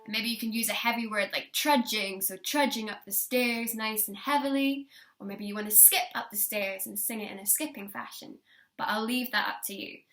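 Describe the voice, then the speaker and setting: A young woman leads a singing lesson, encouraging her students and demonstrating warm-up lines for them to copy. Her voice is on the high side and she speaks at a normal speed.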